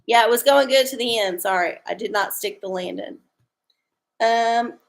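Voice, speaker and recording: A woman hosts a tarot-reading livestream, rambling irreverently with viewers, cracking crude jokes and chuckling often. Her slightly high voice has vocal fry, a measured pace and frequent pauses.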